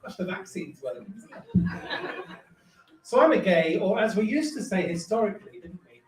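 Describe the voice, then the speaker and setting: A man's voice: high-pitched, big pitch swings, moderate pace. A man doing a camp, self-mocking stand-up set in a live comedy club. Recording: echoey club, distant mic, crowd laughter.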